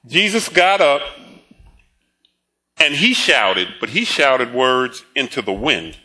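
A man delivers a sermon at an unhurried pace, his voice bright and a little high. He laughs often and acts out the people in the story. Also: lively intonation. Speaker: pastor.

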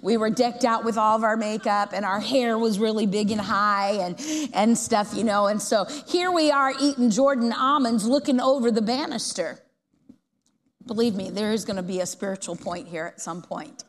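A middle-aged woman preacher telling a long, lively story in a church and asking the congregation questions. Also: medium pitch, normal speed, big-room sound. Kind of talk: storytelling sermon.

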